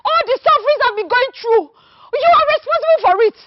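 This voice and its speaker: A woman's voice: very high-pitched, animated, fairly quick, a little hiss or hum. An actress with a Nigerian accent playing a fiercely loyal wife who scolds and defends her husband. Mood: angry. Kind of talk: film acting. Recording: dull, dry film audio.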